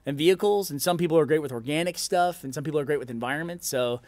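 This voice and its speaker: List-style: man, slightly high voice, very dry close sound, casual livestream host, loose and chatty, laughs easily. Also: quick pace, darkish tone, dry recording. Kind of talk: casual live stream chat.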